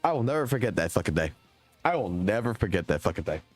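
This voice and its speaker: A man's voice: on the low side, sing-song, fast talker, no echo, faint music behind. A young adult man streaming live, telling a long, rambling story in casual chat and swearing heavily. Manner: profane, rambling, heated storytelling.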